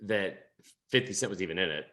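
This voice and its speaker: A man's voice: sits low, expressive, fairly quick, pushed and bright. A young man co-hosting a sports podcast, chatting casually, rambling with lots of restarts and swearing. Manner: rambling, swears a lot, many restarts, laughs at himself. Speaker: podcast co-host. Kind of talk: casual chat.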